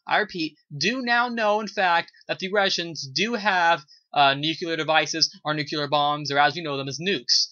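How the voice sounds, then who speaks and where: This voice has a medium pitch and a sharp tone, captured on a dull, lo-fi recording. It belongs to a video reviewer casually discussing a TV episode, rambling with plenty of "uh" and "you know" fillers while heaping on praise.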